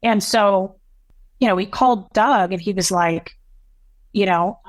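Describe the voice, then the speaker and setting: Woman in her 30s telling a rough personal story, lots of restarts, dry close mic. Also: mid-range voice, no echo. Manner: earnest, halting, full of restarts and quoted dialogue. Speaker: podcast guest.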